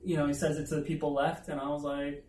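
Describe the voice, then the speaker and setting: Chatty preacher in an echoey room. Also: male voice, fairly high pitch, little pitch movement, fast talker, a little mellow. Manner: chatty, self-deprecating storyteller with asides to the audience. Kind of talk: conversational storytelling sermon. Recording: echoey room, mic at a distance.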